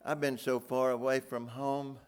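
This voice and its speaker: An older man preaching a folksy sermon. His voice climbs into loud, ringing outbursts and then drops to hushed, almost whispered lines. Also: mid-range voice, little pitch movement, a little slow, clean tone. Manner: folksy, with wide dramatic swings between loud outbursts and hushed near-whispers.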